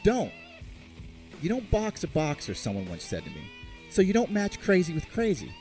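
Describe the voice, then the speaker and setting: Animated, profane man telling stories. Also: high voice, moderate pace, faint music behind. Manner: animated, sarcastic, swears freely. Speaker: podcast host. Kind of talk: profane comic storytelling.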